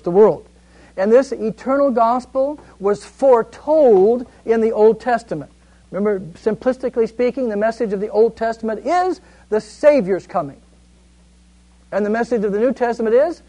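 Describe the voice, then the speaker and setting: Man, high-pitched, Bible study teacher; casual class tone, reads verses then explains. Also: warm tone, low-quality recording. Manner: conversational, asks the group questions and answers them himself.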